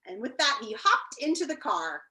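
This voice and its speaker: A woman teacher reading a children's book aloud to her class on a video call, in an expressive, animated way. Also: a little high, moderate pace. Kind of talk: storybook read-aloud.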